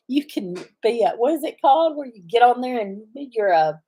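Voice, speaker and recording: A woman's voice: on the high side, expressive, moderate pace, dark tone, slightly rough. A middle-aged woman, hosting a casual farm livestream and chatting in a rambling way, often stopping to search for the right word. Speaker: farm channel host.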